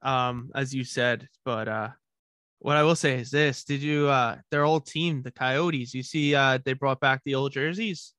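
A young man co-hosting a sports podcast in a relaxed, casual way, often saying dude and bro. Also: mid-range voice, a little slow, smooth, dry recording, clean studio sound. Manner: laid-back, says dude and bro often. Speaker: podcast co-host.

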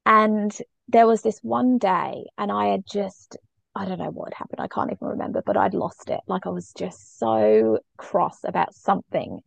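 Earnest woman with a gravelly edge. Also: medium pitch, fairly even intonation, moderate pace, no room sound. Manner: earnest, reflective, emotionally open. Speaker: podcast guest, parenting coach. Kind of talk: conversational interview storytelling.

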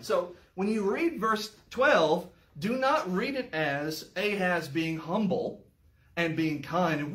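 A man teaching a verse-by-verse Bible study, animated and emphatic, with sarcastic asides. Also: high-pitched, measured pace. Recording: roomy echo, mic far off.

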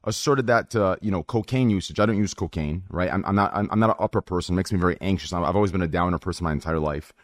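A man's voice: low voice, fast, hardly any pauses, no room sound. A man hosting a casual group podcast over a wireless headset, brash and swearing, often repeating himself.

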